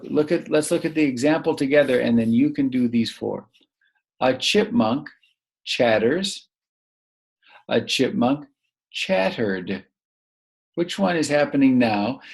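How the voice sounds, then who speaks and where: A man teaching a recorded grammar lesson to young children, patient and prompting them to pause and answer. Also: medium pitch, creaky, slightly rough.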